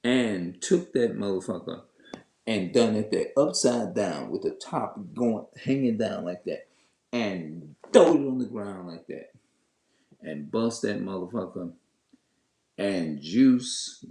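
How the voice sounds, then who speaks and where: A man's voice: lowish voice, expressive, slow, creaky, mellow. A man telling viewers a story in a heated, cursing rant, stopping and restarting often. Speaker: vlogger. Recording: echoey room.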